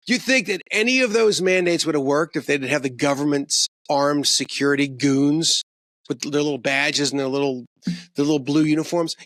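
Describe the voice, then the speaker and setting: A man argues hard as a podcast guest, his voice sitting a little high for a man and recorded dry and close. He pushes each point with emphasis and restarts sentences as the thought outruns him. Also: a bit bright, no echo. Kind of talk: heated conversational rant.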